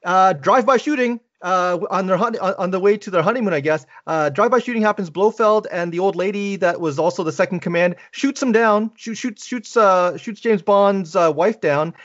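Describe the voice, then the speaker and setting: A man's voice: high-pitched, moderate pace, few pauses, a bit bright, highs cut off. A man co-hosting a podcast in casual chat, rambling and correcting himself as he retells a film plot. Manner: rambling, self-correcting storyteller. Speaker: podcast co-host.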